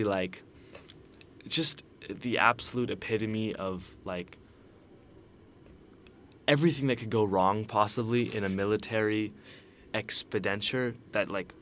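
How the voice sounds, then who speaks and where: A young man co-hosts a casual podcast in a fairly low voice. He rambles through his story with dry, sarcastic humor and lots of filler. Faint noise hums under the recording. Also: measured pace, long pauses, fairly bright tone. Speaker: podcast co-host. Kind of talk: casual chat.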